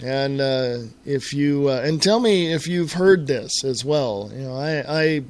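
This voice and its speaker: A man's voice: medium pitch, animated, unhurried. A middle-aged American man hosting his own internet radio talk show alone, ranting in an exasperated way and often repeating and restarting his words. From United States. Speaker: host.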